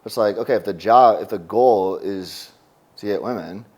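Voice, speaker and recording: A man hosting a casual interview, relaxed and agreeable, backing the guest up with quick "yeah, yeah"s. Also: fairly low pitch, husky. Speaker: host.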